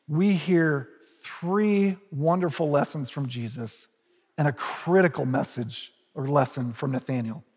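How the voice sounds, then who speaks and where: Male pastor, casual storytelling sermon, husky voice, echoey church hall. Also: on the high side. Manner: conversational storytelling with humorous asides.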